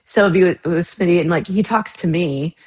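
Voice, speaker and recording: Woman, livestream host, casual chat, rambling, frequent laughs, a little under the weather, lower voice. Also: brisk, a little mellow. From United States. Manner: chatty, rambling, laughs often. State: slightly unwell after a bad night. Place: home.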